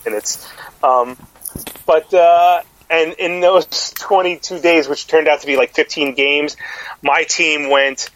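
Rambling podcast dad, fillers everywhere. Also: male voice, on the high side, fairly even intonation, slow, fairly bright tone, rough recording. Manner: rambling, full of fillers and restarts. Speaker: podcast co-host. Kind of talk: casual chat.

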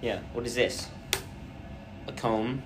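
A young man hosting a casual podcast chat, rambling through stories and trailing off quietly at the ends of thoughts. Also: mid-range voice, takes it slowly, music in the background. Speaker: podcast host.

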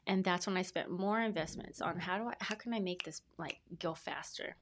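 Rambly earnest woman guest on a podcast, bit low pitched, just chatting away. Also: fairly quick, noisy background. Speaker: podcast guest, brand specialist. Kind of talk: casual interview storytelling.

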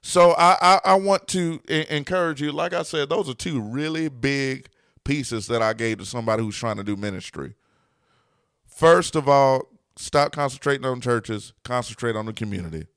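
A man's voice: medium pitch, normal speed, a bit bright, smooth, dry recording. Emphatic preaching man, dry close sound. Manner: emphatic, repeats key lines for effect. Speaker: pastor and podcast host. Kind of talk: preaching-style podcast talk.

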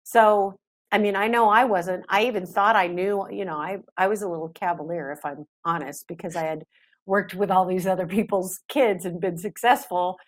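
A middle-aged woman, a parenting expert guest on a podcast interview, talking in a chatty, animated way. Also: fairly low pitch, normal speed.

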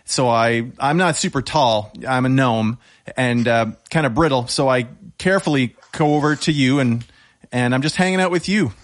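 A man's voice: medium pitch, normal speed. A man in casual tabletop role-play chat who leads the game, reads the rules aloud and jokes in character. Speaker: game organizer.

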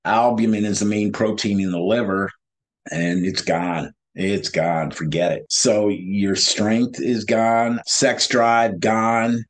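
Joining by video call, a male guest with a fairly low voice tells his story animatedly. He laughs and acts out past conversations.

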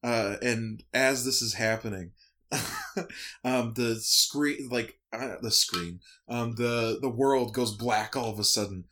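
A man's voice: medium pitch, slow pace, pushed and bright. Male game master, rambling casual narration, full of fillers.

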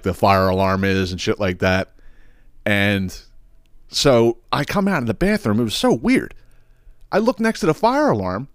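A man hosting a podcast, telling a story in a heated, profane, animated way with lots of restarts. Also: lowish voice, no echo, studio quality. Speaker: podcast host. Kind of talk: casual storytelling monologue.

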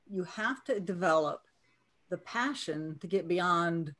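A woman's voice: lowish voice, expressive, takes it slowly, a bit bright. A middle-aged woman with a Southern US accent, telling her career story on a podcast in a frank, self-deprecating way. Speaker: podcast guest. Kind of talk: casual storytelling chat.

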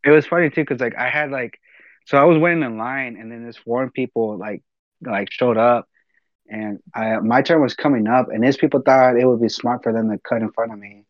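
A man's voice: medium pitch, a little fast, no room sound, lo-fi sound. A man telling rambling stories in casual chat, full of fillers and swearing. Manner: rambling storyteller, swears a lot, many fillers.

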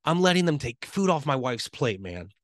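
A man speaking as a podcast guest and real estate coach, talking quickly and earnestly and often checking in with "right?". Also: medium pitch, big pitch swings, no echo, clean studio sound. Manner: earnest, fast, enthusiastic talker with frequent "right?" tags.

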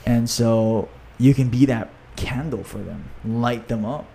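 A man's voice: mid-range voice, vocal fry, dark tone. Male fitness coach, casual podcast guest or host, mid-range voice, upbeat and filler-heavy, faint background hiss. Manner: upbeat, talks fast with many fillers, reads aloud from his own book. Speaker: fitness coach and gym owner.

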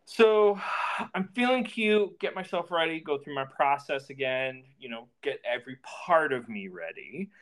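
A man's voice: on the high side, normal speed. Guy telling a story on a podcast, voice jumping all over, cursing a lot. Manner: animated, swearing, acts out the dialogue. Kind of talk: casual storytelling.

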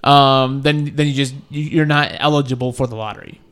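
A man co-hosting a sports talk radio show, speaking in a measured, slightly hesitant way. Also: medium pitch, fairly even intonation, a bit bright, clean tone. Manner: measured, hesitant, with fillers and restarts.

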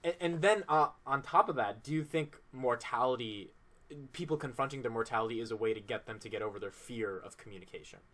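A man's voice: medium pitch, brisk, fairly bright tone. A man hosting a podcast interview, asking questions and giving short affirmations. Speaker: podcast host.

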